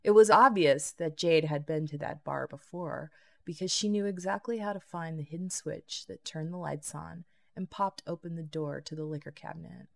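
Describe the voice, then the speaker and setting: Female audiobook narrator, low gravelly voice, steady even delivery. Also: normal speed. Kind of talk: scripted narration.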